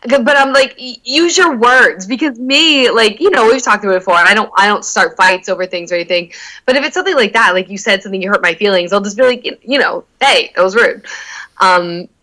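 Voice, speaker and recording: Bright, candid young woman telling stories. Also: mid-range voice, rough recording. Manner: candid, swears freely, lots of "like" fillers; animated retelling with quick asides. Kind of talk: casual storytelling chat.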